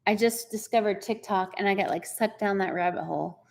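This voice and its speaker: A woman's voice: medium pitch, brisk, gravelly. A woman, chatting casually on a live stream, greeting viewers by name and laughing often. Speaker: co-host of a live chat stream.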